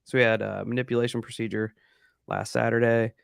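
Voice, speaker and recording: A middle-aged man co-hosts a podcast in a laid-back, slangy manner. His voice is gravelly but smooth and dry. The internet call keeps cutting out and sounds choppy. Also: mid-range voice, little pitch movement, a little fast, no echo. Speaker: podcast co-host. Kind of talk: casual chat. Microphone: boom-arm mic over a call.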